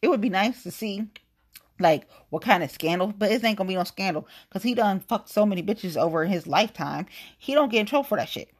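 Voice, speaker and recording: A woman's voice: medium pitch, lively intonation, quick pace. A young woman from the United States ranting in a blunt, profane, casual way, with many asides. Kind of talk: casual political rant.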